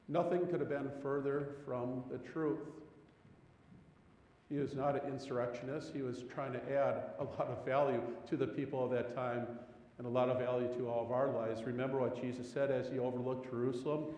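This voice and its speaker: At normal speed, a pastor preaches with lively storytelling, driving home rhetorical questions with rising pitch and emphasis. The rough recording carries a roomy, big-room sound.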